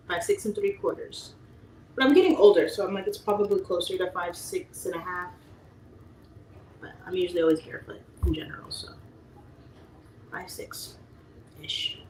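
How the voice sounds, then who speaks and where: A woman hosting a casual livestream, chatting and reading out viewer comments, who slips into playful voices when she tells stories. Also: fairly low pitch. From United States. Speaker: livestream talk show host. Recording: roomy echo, faint background noise.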